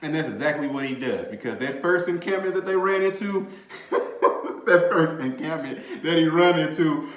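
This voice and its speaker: Animated slangy man in an echoey room. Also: on the high side, normal speed. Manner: animated, laughing, swears freely, slangy. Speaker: podcast host. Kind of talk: casual movie review chat. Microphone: desk mic, bumped at times.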